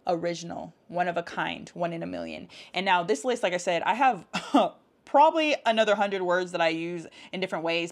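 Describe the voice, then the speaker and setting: Her voice is fairly low and creaky as this self-help vlogger chats to camera. She voices affirmations and unpacks each one, encouraging and warm, with frequent laughter.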